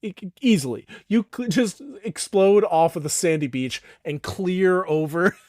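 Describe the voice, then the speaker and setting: A man narrating and ruling as dungeon master of a tabletop game, animated and quick in bursts. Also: high-pitched, dry recording, studio quality.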